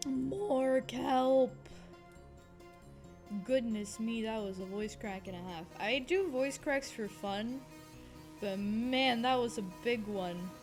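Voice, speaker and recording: A woman livestreaming while she plays a game, chatting casually. She is goofy and playful, giggles often, and breaks into squeaky cries and mock whispers. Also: unhurried, faint music behind. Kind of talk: casual live-stream chatter while gaming.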